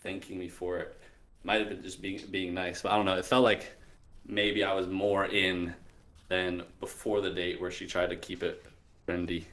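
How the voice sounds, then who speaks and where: Hesitant young man with a low voice. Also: little pitch movement, moderate pace. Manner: earnest, hesitant, trailing off softly. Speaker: caller asking for dating advice. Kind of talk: casual call-in chat.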